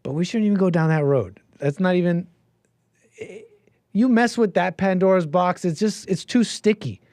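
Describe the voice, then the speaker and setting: A man's voice: sits high, moderate pace, a little mellow, no room sound, studio quality. A man hosting a call-in show, talking casually and rambling, with lots of restarts and easy laughs.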